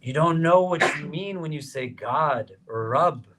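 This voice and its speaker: A man's voice: fairly high pitch, expressive, a little slow, fairly bright tone, a little hiss or hum. A man, an imam, speaks to a crowd sitting on the floor of a prayer hall. He keeps it conversational and turns to the room with frequent questions. When he drives a point home, his voice jumps up sharply. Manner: voice rises sharply on emphatic questions. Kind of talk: religious lecture to a seated audience.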